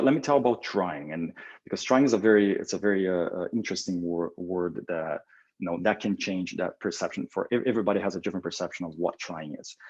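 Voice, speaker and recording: Husky-voiced man with a halting, energetic delivery. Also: deep voice, lo-fi sound. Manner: energetic, acts out both sides of imagined phone calls; halting, with many restarts and fillers. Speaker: agency creative director. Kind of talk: motivational talk.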